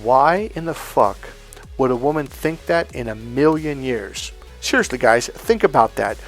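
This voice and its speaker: A middle-aged man teaching dating advice in a casual, blunt way, swearing often and telling animated stories. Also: medium pitch, measured pace, soft background music. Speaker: dating coach. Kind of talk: casual spoken lesson.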